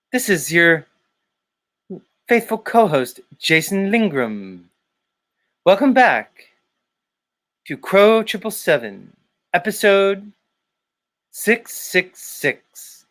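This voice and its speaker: A man doing an impression of a stiff, theatrical online show co-host who speaks in a slow, over-emphatic, robotic way. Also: sits high, sing-song, fairly bright tone, voice pushed up, heavily acted.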